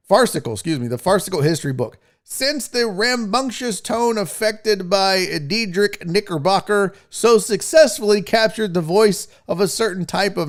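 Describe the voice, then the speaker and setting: High, lively-voiced man riffing on his podcast. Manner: rambling, jokey and profane. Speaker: podcast host. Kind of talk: casual live podcast chat.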